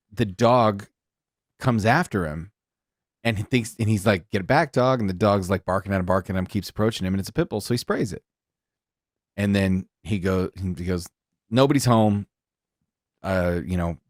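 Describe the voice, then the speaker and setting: A man hosting a podcast, chatting and asking his guest questions in a relaxed way. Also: low voice, no echo, studio quality. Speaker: podcast host. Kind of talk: casual podcast chat. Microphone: podcast studio mic.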